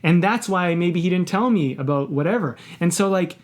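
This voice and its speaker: A man's voice: high-pitched, normal speed. A man co-hosting a casual podcast, telling stories animatedly and acting out what others said. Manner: animated storytelling, acts out quoted dialogue. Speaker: podcast co-host.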